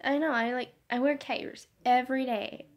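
A teenage girl vlogging to her phone camera in her bedroom, rambling and apologetic with lots of fillers, her voice hoarse from a sore throat. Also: high-pitched, steady tone, moderate pace. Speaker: YouTuber. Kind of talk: casual vlog chat. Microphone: phone camera held vertically.

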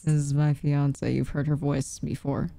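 A woman's voice: deep voice, flat delivery, measured pace, vocal fry, mellow. A young woman giving casual, exasperated commentary while playing a game, swearing constantly. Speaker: let's play gamer.

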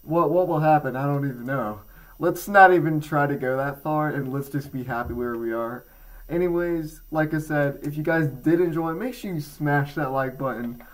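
For his gaming channel, a teenage boy casually rambles through a headphone review, leaning on fillers and self-mocking jokes. His male voice is a little high at a moderate pace, and the audio quality is poor.

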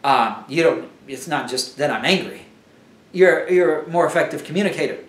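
A man's voice: a little high, moderate pace, fairly bright tone, echoey room, recorded from a distance. A man teaching a Bible lesson in a conversational sermon style, often restarting his sentences.

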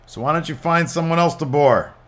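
A man voicing a brash male wrestler who taunts and shouts through a promo, reading it out over gameplay. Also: fairly high pitch, a little fast, pitched above the performer's own voice, close to an everyday voice. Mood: mocking. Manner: cocky, taunting, shouting at the crowd.

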